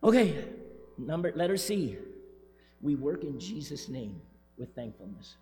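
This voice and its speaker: Animated pastor preaching in a reverberant church. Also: male voice, fairly high pitch, a little slow. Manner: animated, emphatic, repeats key phrases, joking asides. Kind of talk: sermon. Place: church sanctuary, speaking from the pulpit. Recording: long church reverb, faint music.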